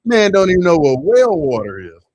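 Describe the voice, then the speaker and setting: A young man with a Southern accent, hosting a casual livestream and reading chat, loose and slangy, jumping to loud excited bursts. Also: high voice, a little fast, no room sound.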